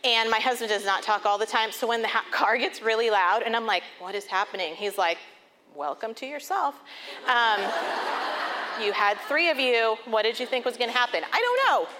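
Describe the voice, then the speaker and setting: A woman in her thirties telling funny personal stories in an animated way, laughing often and acting out voices. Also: fairly high pitch, moderate pace, slight background noise. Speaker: speaker talking about overwhelm. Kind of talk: personal storytelling talk.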